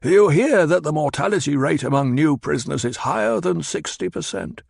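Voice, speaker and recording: A man's voice: a little high, expressive, moderate pace, creaky, husky, no room sound, clean studio sound, pitched above the performer's own voice, exaggerated voice. A man voicing a shrewd, bitter old spymaster who speaks in a clipped, coldly insistent way. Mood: cutting.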